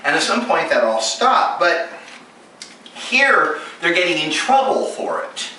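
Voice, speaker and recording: A man preaching a sermon, telling a story and acting out the dialogue in it with lively energy. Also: on the high side, a little slow. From United States. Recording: echoey room recorded from a distance, clear background noise.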